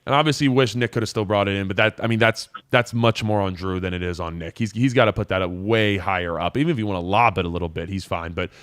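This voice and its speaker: A young adult man hosting a live call-in show, breaking down football film in a casual, animated way. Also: deep voice, fast, few pauses, dry recording. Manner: casual, animated, voices players' thoughts. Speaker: host.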